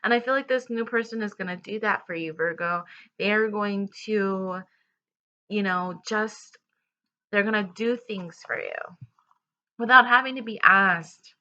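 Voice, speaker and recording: A woman's voice: mid-range voice, unhurried, long pauses, pushed and bright, highs cut off. A woman giving a casual tarot love reading to her viewers, talking in a rambling way with fillers and restarts. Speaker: tarot reader.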